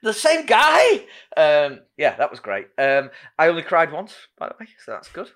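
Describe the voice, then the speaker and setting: A podcast host chats casually in a man's voice that sits on the high side, with lively intonation and a moderate pace. He drops self-deprecating asides and says "um" a lot.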